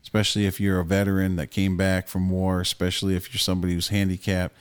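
A low-pitched man co-hosting a relaxed podcast. He talks loosely and bluntly, swearing as he reads out and riffs on news stories. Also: fast talker, clean tone. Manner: loose, profane, opinionated. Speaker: podcast co-host. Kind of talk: casual podcast chat.

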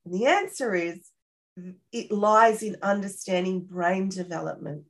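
A woman explaining parenting skills in a casual interview, lively and often checking in with tag questions. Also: medium pitch, a little slow. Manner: animated, acts out parent-child dialogue. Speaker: parenting expert guest.

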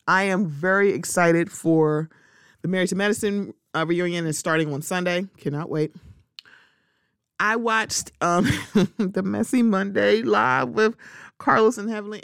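A woman's voice: mid-range voice, no echo, clean studio sound. A woman hosting a solo podcast, giving opinionated, sassy commentary and talking back to absent people in mock quotes. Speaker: podcast host.

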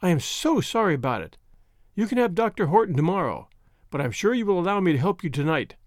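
A man reading the lines of a calm, capable woman doctor in a storybook, speaking in a soothing, measured way. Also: high-pitched, no room sound, studio quality.

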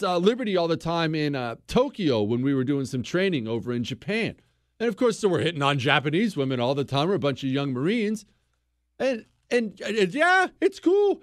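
Middle-aged American talk host, higher voice, very animated delivery, dry close sound, teasing and boastful. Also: male voice, no room sound. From United States. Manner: bantering, mock-boastful, with swoops up and down. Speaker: radio talk show host. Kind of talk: casual call-in advice chat.

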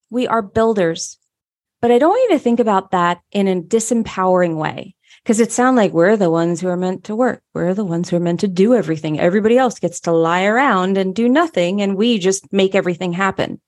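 A woman's voice: mid-range voice, a little mellow. A woman giving a motivational teaching talk, upbeat and emphatic, repeating phrases for stress. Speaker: human design teacher.

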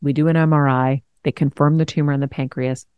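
A woman in her forties hosting a podcast, telling a personal story in a frank, animated way, laughing now and then. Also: low voice, quick pace, clear, resonant tone, no echo. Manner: frank, animated, swears and laughs while telling hard news. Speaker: host. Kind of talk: candid conversational storytelling.

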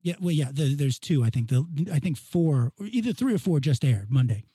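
A man's voice: a little high, animated, fairly quick, dark tone, husky, dry recording. A man co-hosting a casual chat, talking emphatically and repeating himself as he builds his point. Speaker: podcast co-host.

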